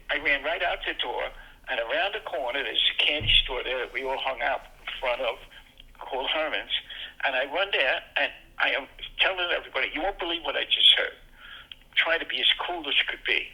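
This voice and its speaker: An older man from Brooklyn, telling childhood stories as a guest in casual chat. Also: rough recording. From Brooklyn, New York. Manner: animated, jumps into excited high voices for quoted moments. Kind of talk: casual storytelling.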